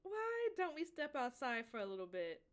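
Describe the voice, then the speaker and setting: A woman voicing a calm, composed teen girl club president, reading game dialogue aloud gently and reassuringly. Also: high voice, normal speed.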